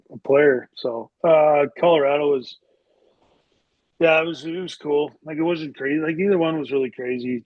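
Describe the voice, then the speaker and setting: On a podcast, a former hockey player in middle age spins casual stories, wandering off track and filling gaps with filler words. His voice sits at a medium pitch. The recording is dry, dull, and lo-fi, made in a close space.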